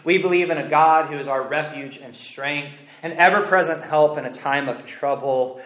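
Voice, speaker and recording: A man preaching a sermon as a pastor, earnest and deliberate, dropping to a hush on key phrases. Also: on the high side, roomy sound, low-quality recording. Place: church sanctuary.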